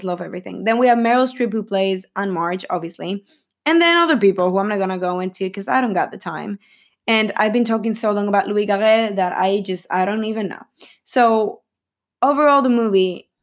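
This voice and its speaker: A woman's voice: mid-range voice, normal speed. A woman reviewing a film in casual, rambling chat with gushing asides.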